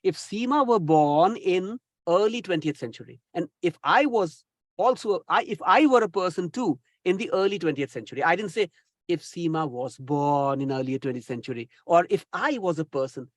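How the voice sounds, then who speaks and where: Animated trainer, dry sound. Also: male voice, high voice, normal speed, dry recording. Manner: exasperated, mocking, teasing asides. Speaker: English communication trainer. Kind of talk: recorded lecture.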